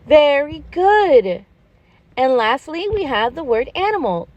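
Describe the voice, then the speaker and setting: A gentle gazelle schoolteacher, played by a woman in a cartoon-style toy lesson, speaking slowly and sing-song with a high, lively lilt. She praises her small pupils warmly as she spells out words. Dry, close sound. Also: no room sound, dull audio, exaggerated voice. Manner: slow, sing-song and encouraging, praising often. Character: gentle, patient gazelle schoolteacher, adult female. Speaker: preschool teacher.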